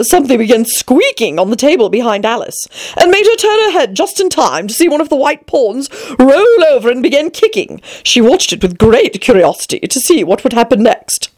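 A woman reading a children's story aloud in an expressive, animated way. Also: on the high side, moderate pace.

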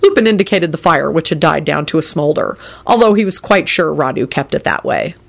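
A woman narrating a story in a measured, descriptive way. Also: low-pitched, lively intonation, vocal fry.

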